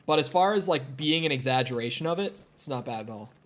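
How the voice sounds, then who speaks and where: A man's voice: mid-range voice, lively intonation, quick pace. A young man with a Minnesota accent, chatting casually and rambling as he streams a video game, swearing often and filling gaps with "like". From Minnesota, United States. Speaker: gaming streamer. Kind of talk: casual gameplay commentary.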